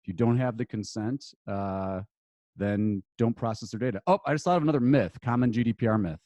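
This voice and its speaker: This is a man with a lowish voice, talking through legal basics as a podcast guest. He is casual and meandering, with plenty of fillers and self-corrections, and the sound is dry and close with no room around it. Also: fairly quick, warm tone, no echo, highs cut off. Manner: loose and conversational, many fillers and restarts. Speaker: podcast guest, attorney and marketer.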